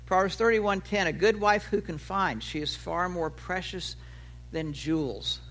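High, bright-voiced preaching man. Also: unhurried. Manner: animated preaching, voice rising for acted quotes and dropping low at phrase ends. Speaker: pastor. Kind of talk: sermon.

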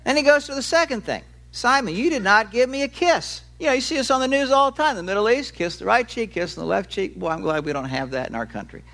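A man preaching a sermon in a fairly high, animated voice that climbs and drops freely. He talks to the congregation conversationally, explaining with everyday examples. He slows down and leans on key words. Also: vocal fry.

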